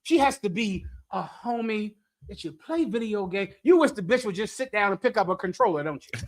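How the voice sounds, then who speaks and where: Brash joking preacher man, lively voice. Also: sits high, fairly quick. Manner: brash, joking, lectures with rhetorical questions; laughs at his own jokes. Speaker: scripture class leader. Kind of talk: provocative preaching to a live chat.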